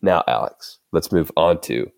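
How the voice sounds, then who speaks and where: A man's voice: rumbling low, animated, unhurried, gravelly, dry recording, clean studio sound. A male podcast host chatting casually and in a laid-back way, with lots of fillers and chuckles.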